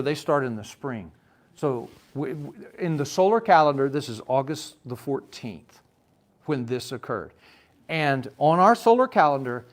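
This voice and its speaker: A man teaching a Bible study, talking with his listeners, asking them questions and calling on them by name, his voice swinging between loud and soft. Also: mid-range voice. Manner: conversational, addresses listeners by name, asks questions.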